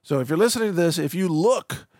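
A man's voice: on the high side, animated, quick pace, a little mellow, no room sound, clean studio sound. A man hosting a political commentary show, talking in a mocking, rambling way and laughing often. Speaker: podcast host.

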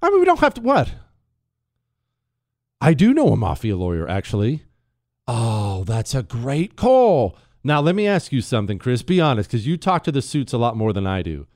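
A man hosting an opinion talk show, sarcastic and emphatic, jumping between mock excitement and flat scorn. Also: mid-range voice, normal speed, no echo, studio quality.

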